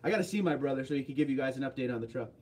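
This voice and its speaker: A man's voice: medium pitch, rapid-fire, a little mellow. A man hosting a casual livestream, reading viewer comments aloud and answering them offhandedly. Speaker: livestream host.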